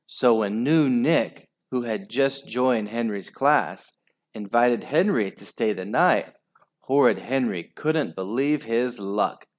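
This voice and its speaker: Unhurried man reading a children's story. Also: medium pitch. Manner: expressive, unhurried. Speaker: storybook reader. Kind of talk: children's story read-aloud.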